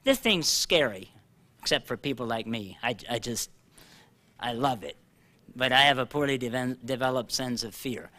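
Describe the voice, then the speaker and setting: An older man preaching a sermon, animated and joking at himself, slowing down to read scripture aloud. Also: mid-range voice. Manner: animated, self-deprecating, reads scripture slowly. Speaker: pastor. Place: church hall.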